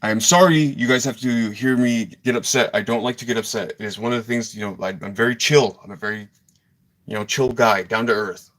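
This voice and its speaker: A man live-streams to his paid online class, sounding agitated, swearing a lot and apologizing to his viewers again and again. His voice is medium-pitched, a bit bright, and fairly quick.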